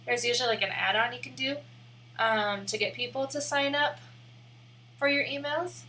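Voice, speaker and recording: Bright-voiced Midwestern woman streaming. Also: fairly high pitch, moderate pace, slight background noise, rough recording. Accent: American Midwest. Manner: chatty, rambling, self-deprecating. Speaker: live streamer. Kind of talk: casual livestream chat while working on screen.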